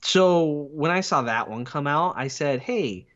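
A man chatting on a podcast, his voice swinging widely in pitch as he banters with skeptical asides. The recording sounds muffled and lo-fi. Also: animated, a little slow, a bit bright. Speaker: podcast co-host. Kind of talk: casual chat.

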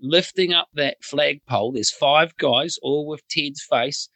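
Bright-voiced New man telling stories. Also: fairly high pitch, measured pace, no echo. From New Zealand. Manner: chuckling storyteller. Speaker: guest. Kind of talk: casual anecdote.

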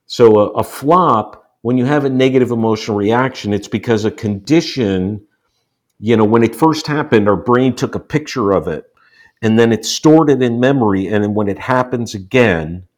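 An American man in his sixties, appearing as a podcast guest, tells personal stories conversationally. His mid-range voice has a darkish tone, and he explains earnestly, repeating points for emphasis.

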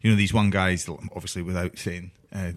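A man from Cornwall, chatting about football as a relaxed, agreeable pundit. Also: deep voice, moderate pace. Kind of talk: casual football chat.

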